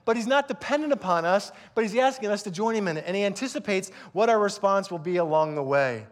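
A man's voice: sits high, animated, fast. A man in his fifties, a pastor giving a conversational, earnest sermon with frequent restarts.

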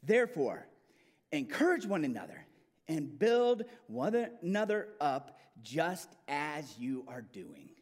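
A man preaches with a light, high voice that climbs and drops dramatically. He presses his points with emphatic bursts and often repeats words as he restarts a phrase. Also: slow. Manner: animated, emphatic preaching with rising and falling intensity. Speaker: pastor. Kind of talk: sermon.

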